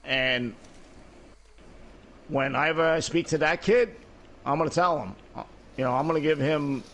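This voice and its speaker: A man's voice: a little high, measured pace, a bit bright. A man in casual voice chat with friends, earnestly retelling a talk with his son and repeating "I said" again and again. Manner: long retelling that repeats "I said" over and over; earnest and emphatic. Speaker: father chatting with friends in a game party.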